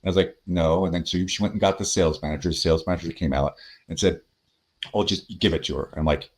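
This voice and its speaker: Low-voiced man telling sales stories. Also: fast. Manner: animated anecdotes, acts out quoted voices. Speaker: podcast guest, sales consultant. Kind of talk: conversational storytelling.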